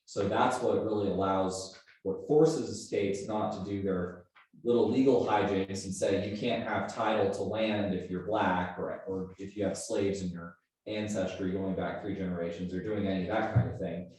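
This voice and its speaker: A man, a student, giving a measured explanation during a class discussion. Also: sits low, fairly even intonation, a little mellow, heavy reverb, far from the mic, rough recording.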